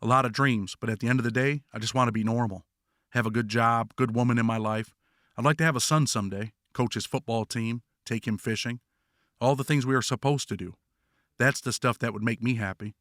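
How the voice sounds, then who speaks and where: A man narrates his memoir in a somber, measured way, at a mid-range pitch for a man. The recording is dry and close, with no room sound. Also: steady tone, fairly bright tone, dry recording. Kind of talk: scripted first-person memoir narration.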